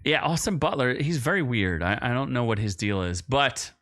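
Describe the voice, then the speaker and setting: A man's voice: medium pitch, normal speed. A young man co-hosting a podcast, chatting casually about a film, rambling and cutting himself off mid-sentence. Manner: rambling, self-interrupting, animated when excited. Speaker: podcast co-host. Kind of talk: casual movie review chat.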